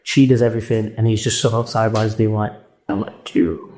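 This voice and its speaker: A man's voice: lowish voice, fast talker. Male co-host, chatty recapper, mimics people, echoey room. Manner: animated, retells scenes, mimics people, swears freely. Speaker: podcast co-host. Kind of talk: casual chat.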